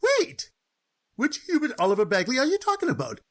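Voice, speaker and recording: A man's voice: racing, full character voice. A man voicing an eager, hard-working young man who gets flustered and indignant easily. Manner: excitable, high-pitched and incredulous. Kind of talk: cartoon voice acting.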